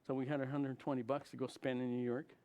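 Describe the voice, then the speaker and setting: A man who is a chaplain, telling a story of his trip to a congregation in an animated way and acting out the dialogue. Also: fast. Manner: animated, acts out dialogue with big jumps in pitch and volume. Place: church.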